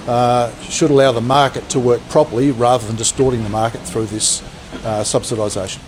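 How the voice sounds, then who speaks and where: A man's voice: medium pitch, a little mellow, poor audio. A man speaking as a politician in a news clip, firm but with hesitations. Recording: outdoor clip with faint traffic.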